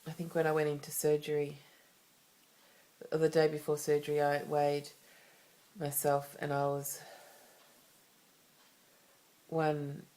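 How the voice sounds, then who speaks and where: Low-voiced Australian woman, rambling and candid. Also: monotone, slow pace, pauses often, warm tone. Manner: rambling, candid, many restarts and asides. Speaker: vlogger. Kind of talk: confessional personal vlog.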